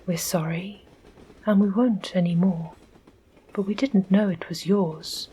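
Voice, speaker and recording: A woman's voice: mid-range voice, fairly even intonation, unhurried, warm tone, slight background noise, natural voice. A woman with an English accent voicing an earnest, polite young girl in whispered role-play, speaking apologetically.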